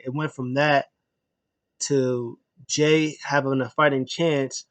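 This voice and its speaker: A man talks through a show in a relaxed, off-the-cuff review. He retells events with animated energy, often stumbling and restarting mid-sentence. His voice sits at an ordinary middle pitch. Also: slow, no room sound. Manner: animated retelling with acted quotes and many restarts. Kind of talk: casual spoken review.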